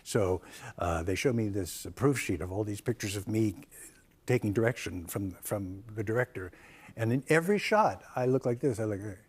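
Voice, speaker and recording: Hesitant, self-deprecating actor guest. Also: male voice, lowish voice, expressive, moderate pace, background noise. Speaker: talk show guest, actor. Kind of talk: talk show interview. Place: television studio.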